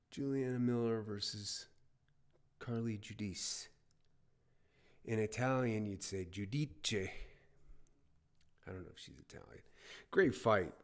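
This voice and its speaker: Man, fairly low voice, casual live fight play-by-play, excitable, chatty, repeats quick exclamations. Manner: talks to his chat viewers by name.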